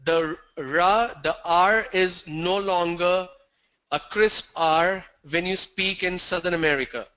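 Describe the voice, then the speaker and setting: A man's voice: high voice, steady tone, unhurried, bright, forceful tone, poor audio. A man teaching a pronunciation class online, spelling words out letter by letter before saying them.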